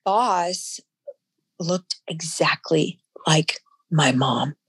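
Low-voiced woman telling her story haltingly. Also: slightly rough, no room sound. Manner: halting, emotional, frequent restarts. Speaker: guest. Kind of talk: personal story in an interview.

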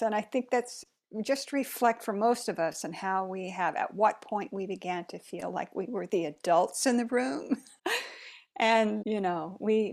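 Middle-aged woman chatting, thoughtful and slow, medium voice. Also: mid-range voice, vocal fry. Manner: reflective, unhurried, soft laughs. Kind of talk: casual chat.

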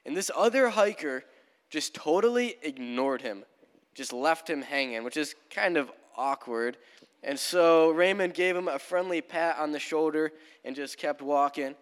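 A man's voice: on the high side, animated, a little slow, smooth. A young male pastor preaching a sermon in a casual, storytelling manner in a church. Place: church sanctuary. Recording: long church hall reverb.

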